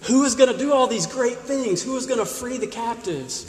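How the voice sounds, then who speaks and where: A man with a high-pitched voice preaches a sermon in a church sanctuary, driving his points home with one rhetorical question after another. His voice rings through a roomy space with a long, lingering reverb. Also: expressive, normal speed. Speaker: pastor. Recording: echoey hall with long reverb.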